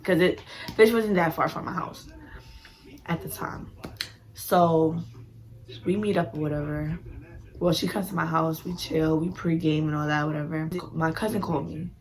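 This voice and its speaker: A young woman tells a story in a loose, slangy way, acting out what people said. Her voice sits a little low. A faint hiss runs under the recording. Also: normal speed, long pauses. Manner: animated, slangy, full of "like" and acted-out quotes. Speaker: vlogger. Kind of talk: casual storytime.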